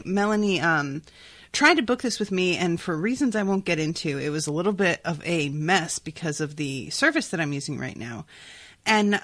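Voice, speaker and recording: A young woman hosting a podcast with a lively, swooping voice and a slightly sniffly sound. She chats casually, filling her talk with "like" and "um". The recording is close and dry. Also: fairly low pitch, no echo. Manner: chatty, full of "like" and "um". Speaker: podcast host. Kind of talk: casual chat about a book.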